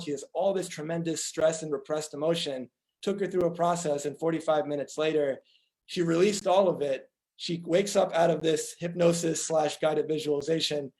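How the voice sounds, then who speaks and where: A man's voice: fairly high pitch, a little mellow, low-quality recording. A man, a doctor, giving a conference talk, earnestly telling patient stories and acting out their dialogue.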